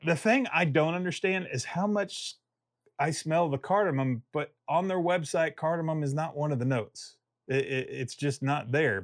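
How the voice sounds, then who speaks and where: A man's voice: medium pitch, no echo, clean studio sound. Rambling, jokey man reviewing a fragrance. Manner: rambling, self-interrupting, jokey. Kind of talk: casual video review.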